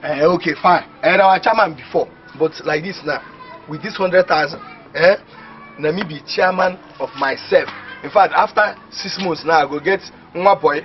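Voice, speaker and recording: An actor playing an excitable, boastful young village man who talks in Nigerian Pidgin English. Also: a little high, moderate pace, faint music behind, natural voice. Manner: boastful, excitable, laughing often. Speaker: villager dreaming of going to the city. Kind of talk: comedy film acting. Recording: muffled film audio with faint hiss.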